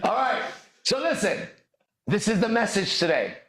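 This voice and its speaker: Brash male podcast host, profane and swaggering, animated delivery in an echoey room. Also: sits high, normal speed, noisy background. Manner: swaggering, profane, bursts into shouted lyrics. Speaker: podcast host and dating coach. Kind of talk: motivational monologue.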